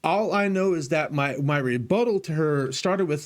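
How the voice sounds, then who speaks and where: A man's voice: on the high side, moderate pace, few pauses. A man streaming, telling a rambling story in casual talk, swearing freely and acting out the voices of people he quotes. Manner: animated, profane, acts out quoted voices.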